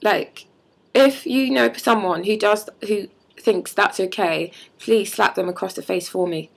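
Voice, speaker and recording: Gravelly, husky young woman. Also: medium pitch, unhurried. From London. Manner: heated, frequent "like" fillers. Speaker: vlogger. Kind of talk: casual vlog rant.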